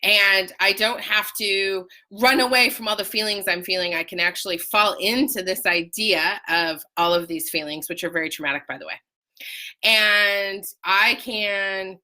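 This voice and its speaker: A woman talking casually to viewers in a live video, telling an emotional personal story with animated, sudden high outbursts and greeting viewers by name. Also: unhurried. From Utah. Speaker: life coach sharing a personal story.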